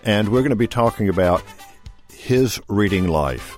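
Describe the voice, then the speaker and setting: A man hosting a radio program, introducing and interviewing a guest in a measured, formal way. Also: fairly low pitch, expressive, faint music behind. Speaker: radio host.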